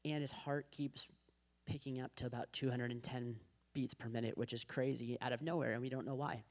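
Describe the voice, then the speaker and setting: A man's voice: mid-range voice, steady tone, fairly quick. A man in his thirties giving a personal testimony at a church men's breakfast, talking conversationally with lots of "like" fillers and restarts, and acting out the voices of people in his story. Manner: acts out quoted voices of his wife and the doctor.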